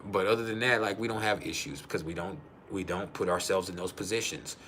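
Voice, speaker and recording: Profane, laughing man with a bright voice. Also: low-pitched, brisk, a little hiss or hum. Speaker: livestream host. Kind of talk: casual livestream talk.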